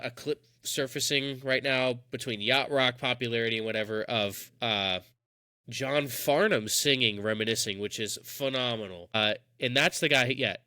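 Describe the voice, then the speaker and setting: A young man co-hosting a podcast, talking in an enthusiastic, rambling way with plenty of emphasis. His voice is bright and forceful, and it sits close and dry with almost no room sound. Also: medium pitch, dry recording. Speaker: podcast co-host. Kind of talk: casual chat.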